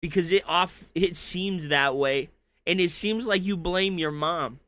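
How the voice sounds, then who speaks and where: A man's voice: sits high, unhurried, a bit bright, dry recording. A man hosting a casual livestream. He comments with profane, mocking rants and then signs off to his viewers. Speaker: stream commentator.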